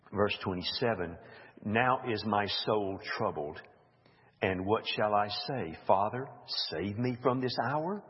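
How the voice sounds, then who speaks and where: Reading passages aloud and adding spontaneous comments, a Bible teacher muses slowly through an informal study. His voice is lowish with a breathy edge, heard through dull, lo-fi audio with long hall reverb.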